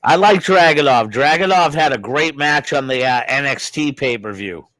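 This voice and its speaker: A man's voice: mid-range voice, lively intonation, moderate pace, fairly bright tone, dry recording. A man chatting about wrestling on a panel, speaking emphatically and often giving short agreeing replies. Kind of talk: casual wrestling chat.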